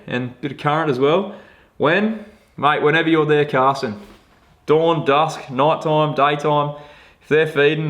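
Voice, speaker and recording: A young Australian man answering viewer questions about fishing in a relaxed, joking, self-deprecating chat full of slang. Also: mid-range voice. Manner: laid-back, matey slang, self-deprecating. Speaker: fishing vlogger. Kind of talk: casual Q&A chat.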